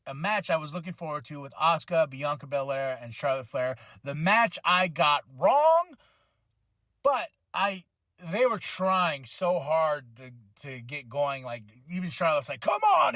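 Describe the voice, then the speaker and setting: A man hosting a podcast, rambling and excitable as he reviews a wrestling event, swearing freely and acting out his own reactions. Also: sits high, no room sound. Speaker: podcast host.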